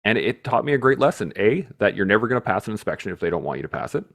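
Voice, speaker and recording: A man hosting a podcast, telling stories in a casual, animated way, swearing freely and laughing as he talks. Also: on the low side, racing, creaky. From Canada. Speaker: podcast host. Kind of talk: casual storytelling chat.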